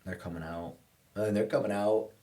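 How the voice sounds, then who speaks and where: A man with a fairly low voice speaks at normal speed as a guest in casual podcast chat, telling a story animatedly and acting out the people he quotes.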